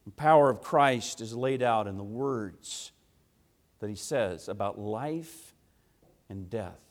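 A man preaching a sermon, swinging from quiet low asides to loud, emphatic, rhythmic repetition. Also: animated, slow.

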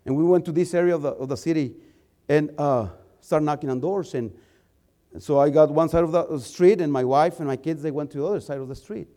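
A male preacher and missionary tells a story during a sermon, his fairly high voice brisk and animated. He repeats words as his excitement builds.

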